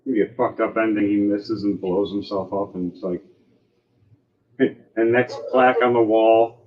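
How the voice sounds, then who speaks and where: A man narrating as game master of a tabletop game, lively and full of sound effects. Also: lowish voice, normal speed, lo-fi sound.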